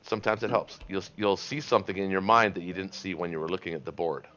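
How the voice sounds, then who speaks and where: Deep-voiced man musing over a board game. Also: steady tone, fast talker, pushed and bright, muffled recording. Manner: reflective, advising, chuckling. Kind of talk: casual chat over online game.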